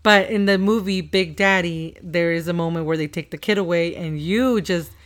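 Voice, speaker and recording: A woman's voice: on the low side, moderate pace. A woman hosting a casual podcast chat with her child, rambling and laughing often as she tells stories. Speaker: podcast host and mother.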